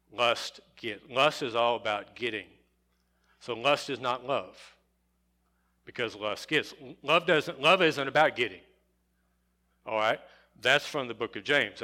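A middle-aged man preaching a sermon, deliberate and repetitive, stressing single words and building to emphatic peaks. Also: mid-range voice, pushed and bright. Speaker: pastor.

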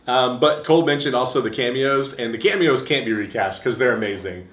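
A man's voice: mid-range voice, fairly quick, fairly bright tone. A man co-hosting a casual movie podcast, talking enthusiastically and laughing often. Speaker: podcast co-host. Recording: echoey room.

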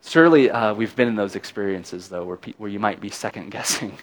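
A man's voice: lowish voice, a little fast. A middle-aged man preaching a sermon in a conversational, folksy way, with easy laughs between points. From not from Alabama. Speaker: pastor.

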